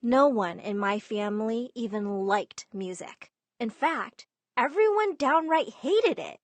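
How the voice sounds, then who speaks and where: A woman narrating a dramatic animated story in the first person, in a lively way. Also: a little high, takes it slowly, dry recording.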